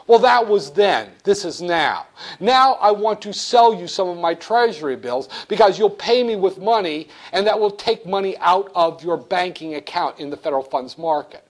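A man's voice: high-pitched, expressive, moderate pace. A man voicing a pushy female central bank trading desk, insistent and wheedling as it tries to sell bills.

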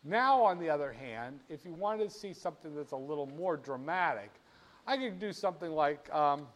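A man teaching about stock charts in an animated, playful way, often asking the viewer rhetorical questions. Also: on the high side, normal speed. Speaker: finance instructor. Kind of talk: screen-share lesson on market charts.

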